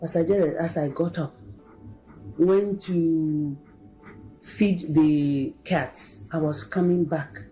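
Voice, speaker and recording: An excited woman records her testimony, calling out to the pastor over and over. Her voice sits a little low. Faint music plays beneath her. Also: slow pace, low-quality recording. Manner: excited, keeps addressing the pastor by name. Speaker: testimony giver.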